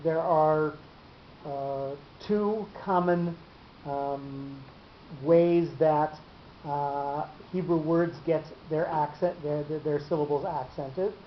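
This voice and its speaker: A man teaching a class on Torah reading marks. He talks haltingly, with many fillers and repeated words. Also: on the high side, steady tone. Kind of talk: explaining cantillation marks in a class. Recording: dull echoey room recording with hiss.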